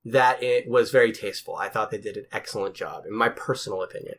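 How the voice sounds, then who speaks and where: A man's voice: on the low side, fast talker, fairly bright tone. A man from the Boston area co-hosting a podcast, chatting casually and rambling with fillers. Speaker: podcast co-host. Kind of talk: casual chat.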